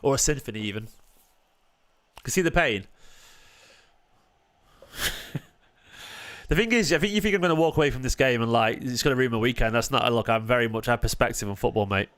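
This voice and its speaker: Hosting a live football watchalong, this man fires back at chat viewers with sarcasm and defensiveness, swinging from quiet mutters to sharp, loud outbursts. He talks briskly but leaves long pauses, mixing match commentary with replies to the chat.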